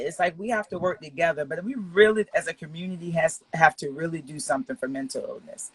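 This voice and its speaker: A woman's voice: low-pitched, quick pace, hardly any pauses, breathy edge, dry recording. A woman in her forties, a talk show guest, speaking candidly in casual chat and telling personal stories with blunt, emphatic, profane language. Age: 40s.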